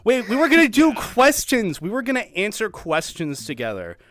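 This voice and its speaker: A man streaming casually with a friend, joking and chatting with his viewers, dropping to low mumbles and then jumping up into loud, high outbursts. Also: wildly swooping pitch, normal speed. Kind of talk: casual chat.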